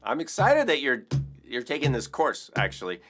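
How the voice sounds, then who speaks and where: A man's voice: medium pitch, huge pitch swings, normal speed, music in the background. A man teaching a casual rhythm lesson, upbeat and chatty, counting beats aloud. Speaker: percussion teacher.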